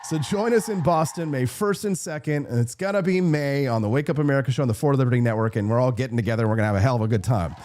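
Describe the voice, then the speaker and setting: Man in his forties, talk show host, mellow voice, jokey, acts out quotes. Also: mid-range voice, racing, hardly any pauses, slight background noise. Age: 40s. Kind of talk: political talk show monologue.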